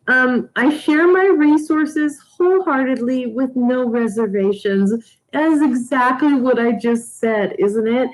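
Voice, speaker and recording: A woman doing a casual weekly angel card reading for her viewers, emotional and rambling, with many halting restarts. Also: sits high, poor audio. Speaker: tarot reader.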